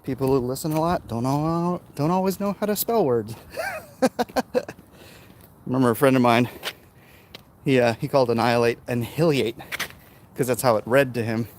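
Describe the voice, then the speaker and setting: A man hosts a casual livestream while walking along a city street, reading viewer comments aloud and chatting back, winded from climbing uphill. His mid-range voice has a darkish tone and normal speed, with long pauses. Outdoor street noise is audible behind him.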